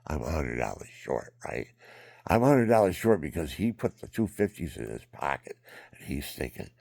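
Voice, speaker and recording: An older man telling a rambling personal story, often dropping into hushed whispers and repeating himself. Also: rumbling low, very animated, moderate pace, dry recording, studio quality. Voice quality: gravelly. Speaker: vlogger.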